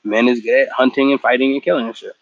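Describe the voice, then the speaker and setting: A man's voice: mid-range voice, fairly even intonation, quick pace, dry recording, muffled recording, close to an everyday voice. A man doing a cocky teenage warrior boy. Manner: slangy, boastful.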